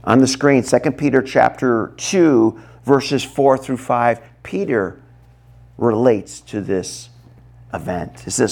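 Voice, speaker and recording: A man's voice: mid-range voice, slow pace. A man preaching a sermon, reading scripture aloud and explaining it, asking the congregation questions. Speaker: pastor.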